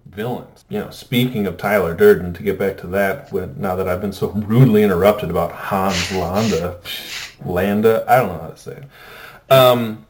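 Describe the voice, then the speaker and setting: A man's voice: fairly low pitch, brisk, darkish tone. A man co-hosting a casual chat about films, rambling with many fillers and restarts. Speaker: podcast co-host.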